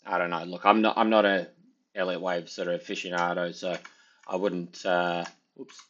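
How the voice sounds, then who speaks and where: Man, low voice, rambling chart commentary, dull lo-fi sound. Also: little pitch movement, moderate pace, a bit bright. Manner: rambling, full of "sort of" and "you know". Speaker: trading chart analyst.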